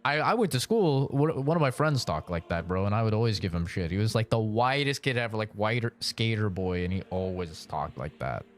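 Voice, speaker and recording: A man's voice: fairly low pitch, big pitch swings, fairly quick, few pauses. A young man streaming a video game, telling stories in a laughing, sarcastic, casual way. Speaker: livestream gamer.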